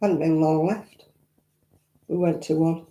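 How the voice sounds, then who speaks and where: An older woman with a Northern English accent hosts a vlog at home, taking things slowly in a low, dark voice with a steady tone. Casual and reminiscent, she replies to viewer comments with blunt asides as the room echoes.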